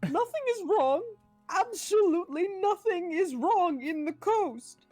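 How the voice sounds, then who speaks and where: A woman's voice: very high voice, expressive, measured pace, a little mellow, no echo, soft background music, voice pushed up. A woman voicing a haughty noble patrician under a witch's curse, improvising during a game stream with prim, snooty denials in a mock-posh voice. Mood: falsely reassuring.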